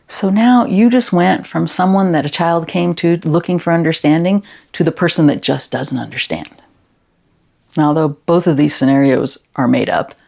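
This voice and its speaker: Low mellow woman giving a gentle talk to teachers, kinda gravelly, asks lots of questions. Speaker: educator and consultant. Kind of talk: presentation talk to educators.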